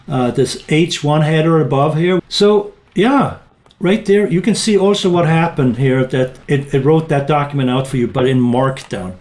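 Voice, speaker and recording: A man's voice: fairly high pitch, a little mellow. Casual man narrating a screen demo. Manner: casual, thinking aloud, with small restarts. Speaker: tech tutorial presenter. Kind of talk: screen-recorded software walkthrough.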